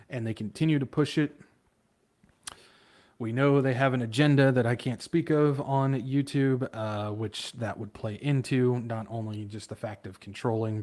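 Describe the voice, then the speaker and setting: A man's voice: fairly low pitch, a little mellow. A man hosting a livestream in a casual, rambling way, stumbling over hard words, laughing at himself and trailing off into mumbles. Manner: loose and off the cuff, trails off into mumbles. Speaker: livestream host.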